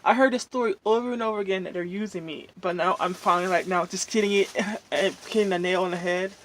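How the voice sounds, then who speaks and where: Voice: mid-range voice, steady tone, a bit bright, slight background noise. A vlogger, chatting casually while eating at home, venting in a rambling way full of fillers. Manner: rambling, drawn-out, many fillers. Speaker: mukbang vlogger.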